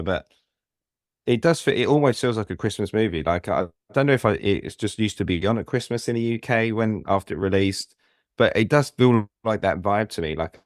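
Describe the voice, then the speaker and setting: A man's voice: low-pitched, dry recording, studio quality. A man co-hosting a podcast, chatting easily about a film and agreeing often. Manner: easygoing, says "yeah" a lot. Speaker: podcast co-host. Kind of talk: casual film discussion.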